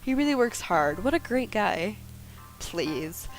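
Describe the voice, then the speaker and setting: A woman's voice: medium pitch, big pitch swings, slow pace, soft background music. A woman reading as a breezy, chatty thirties friend.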